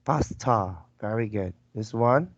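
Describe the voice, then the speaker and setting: Speaking slowly in a fairly low voice with lively intonation, a man gives an online English lesson over video call. He patiently prompts his student and repeats words, all on dull lo-fi call audio.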